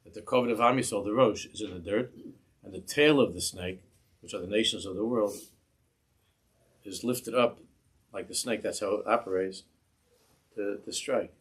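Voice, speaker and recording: Husky, impassioned rabbi giving a class. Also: male voice, fairly low pitch. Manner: impassioned, repeats and restarts words, slows on quoted phrases. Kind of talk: Torah class sermon. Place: synagogue.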